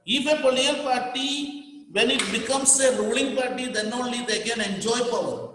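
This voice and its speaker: Indian male teacher, high voice, emphatic and repetitive, booming hall reverb. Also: moderate pace, noisy background. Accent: Indian English. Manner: repetitive, emphatic, dictating to students. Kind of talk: classroom lecture.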